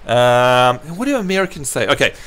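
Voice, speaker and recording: Chatty, lively man from New Zealand. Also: medium pitch, moderate pace, smooth. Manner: chatty, jokey, laughs often. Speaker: livestream host. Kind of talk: casual gaming livestream chat.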